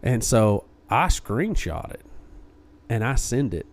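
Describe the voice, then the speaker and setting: A man co-hosting a podcast, casually retelling a story and acting out what others said in lively quoted voices. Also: mid-range voice, takes it slowly. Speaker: podcast co-host.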